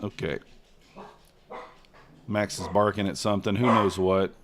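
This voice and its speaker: A man hosting a casual trading livestream, chatting with viewers and reading their messages in a relaxed way. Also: low-pitched, measured pace, very noisy.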